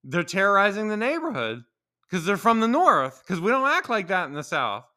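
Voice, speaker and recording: Sitting high in pitch with a sharp tone, this very animated podcast host speaks at a moderate pace. The young Marylander runs his solo show as an opinionated rant, full of swearing and laughter.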